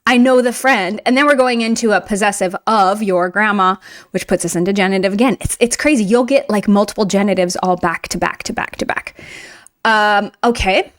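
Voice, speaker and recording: A woman teaching a Russian grammar lesson in a chatty, emphatic way, slowing down to read example sentences. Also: medium pitch. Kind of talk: online language lesson.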